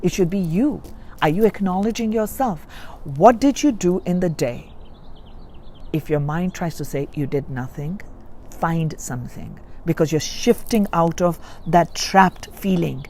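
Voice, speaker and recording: A woman's voice: lowish voice, a little slow, darkish tone, slight background noise. A woman giving a spiritual reading, coaching listeners earnestly and repeating key points. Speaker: spiritual reader. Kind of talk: guided self-help reading.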